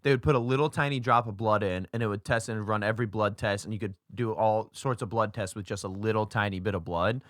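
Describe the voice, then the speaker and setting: A man's voice: on the low side, fast, few pauses, no echo, clean studio sound. A young man co-hosting a casual podcast, rambling through a story with lots of fillers and swearing. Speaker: podcast co-host. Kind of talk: casual chat.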